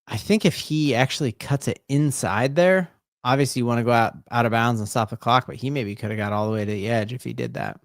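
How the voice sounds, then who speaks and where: A man streaming live fan play-by-play commentary. He talks casually and rambles, then erupts into loud repeated exclamations. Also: medium pitch, a little fast, no echo, clean studio sound. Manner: rambling, casual, full of fillers and restarts.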